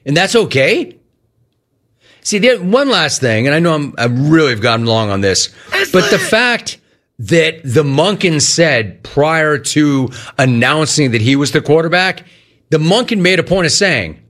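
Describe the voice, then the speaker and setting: A man's voice: on the high side, big pitch swings, moderate pace, fairly bright tone. A man hosting sports talk radio, ranting in a sarcastic, mocking way.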